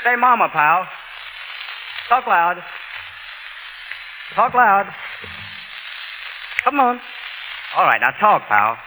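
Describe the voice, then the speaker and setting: A man's voice: high voice, sing-song, drawn-out words, pauses often. A man from New York coaxing and commanding his performing dog on stage. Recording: echoey hall with faint hiss.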